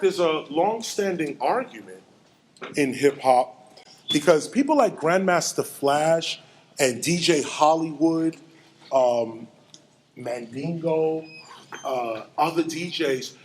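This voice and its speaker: A middle-aged man giving an animated storytelling lecture, acting out sounds and quotes. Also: on the high side, a little hiss or hum. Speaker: hip hop lecturer.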